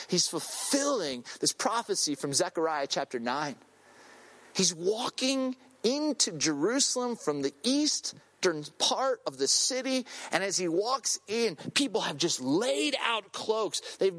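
A middle-aged man preaching as a guest pastor, telling personal stories in an animated way and acting out the voices of the people in them. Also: sits high. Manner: animated storyteller, acts out voices in quotes.

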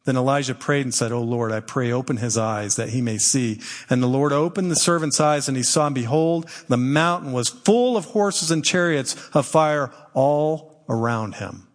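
A middle-aged man preaches a sermon as a church elder, speaking in a conversational, earnest way and acting out the lines he quotes. His voice sits at an ordinary middle pitch. The sound rings with the long reverb of a church hall. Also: moderate pace. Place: church sanctuary.

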